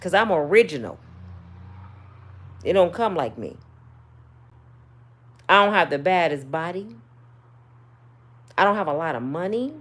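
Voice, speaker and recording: A middle-aged woman, telling viewers a personal story in a casual, sassy, animated way. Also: fairly low pitch, a little slow, pauses often. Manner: animated, sassy, swings between loud and soft. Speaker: channel host.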